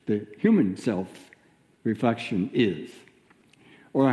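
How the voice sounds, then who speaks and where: A man delivers a sermon in a soft, mellow voice at an even middle pitch. He teaches gently and reflectively, pausing often. His words carry a long reverb from a large sanctuary. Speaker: minister giving a lesson.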